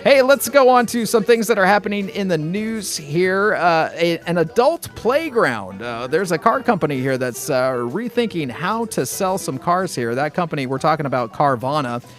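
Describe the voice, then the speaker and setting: Male morning radio host, high and lively voice, chatty and rambling, faint music underneath. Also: normal speed, hardly any pauses. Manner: upbeat, chatty, rambling with fillers and restarts. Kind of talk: casual morning radio chat. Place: radio studio.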